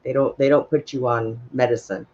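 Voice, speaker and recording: A man's voice: medium pitch, steady tone, fairly quick, darkish tone. A man spins casual personal stories in a blunt, folksy way, swearing easily and laughing at his own tales. His voice sits in an ordinary middle register. The sound is dull and lo-fi, like an online call. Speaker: open mic storyteller.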